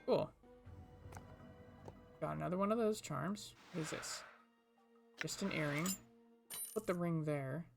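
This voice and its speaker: A man hosts a let's play, chatting casually as he plays and reading game text aloud. His voice is gravelly and slightly high, with game music running underneath. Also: unhurried, pauses often. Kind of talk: casual gameplay commentary.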